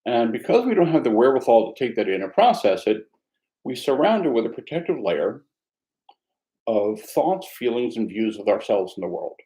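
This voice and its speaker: A man teaching meditation, speaking in a reflective, conversational way with a gently self-mocking humor. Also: mid-range voice, very animated, moderate pace, rough recording. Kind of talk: mindfulness dharma talk.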